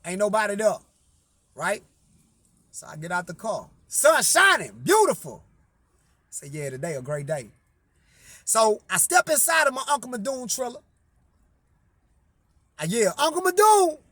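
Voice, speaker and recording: A man's voice: high-pitched, huge pitch swings, a little slow, pauses often, sharp tone, no echo. A man telling a personal story in a profane, emphatic way, framing each quote with "I say". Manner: repeats "I say" to frame quotes, emphatic.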